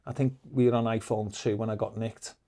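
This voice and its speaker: A middle-aged man, a podcast guest telling lively, profane anecdotes in casual storytelling. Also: on the low side, fairly quick. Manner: swears freely, lively anecdotes.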